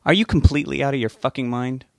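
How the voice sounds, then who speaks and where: A man reading an audiobook, voicing a blunt, protective young woman friend with a sharp, sarcastic edge. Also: mid-range voice, quick pace, vocal fry, no echo, studio quality, voice pushed up, close to an everyday voice. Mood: incredulous. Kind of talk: audiobook character voice.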